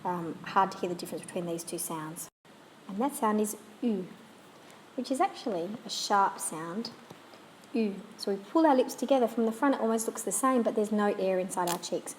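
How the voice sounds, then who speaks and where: Woman demonstrating pronunciation slowly. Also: medium pitch, animated, a little hiss or hum. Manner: slow, demonstrative, models sounds clearly. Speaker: language teacher. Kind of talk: pronunciation lesson.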